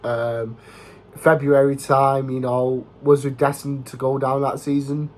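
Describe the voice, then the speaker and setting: Flat-voiced young football vlogger. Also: male voice, medium pitch, measured pace. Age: young adult. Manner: chatty, rambling, leans on fillers like "you know" and "obviously". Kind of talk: casual talking-head vlog.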